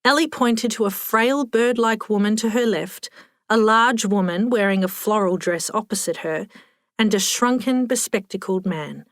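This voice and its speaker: A woman narrates a story with a wry, expressive delivery, close to the mic. Her voice sits in a mid range, and the recording is dry with no room sound. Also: mid-range voice, moderate pace, no room sound. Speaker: audiobook narrator. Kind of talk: scripted narration.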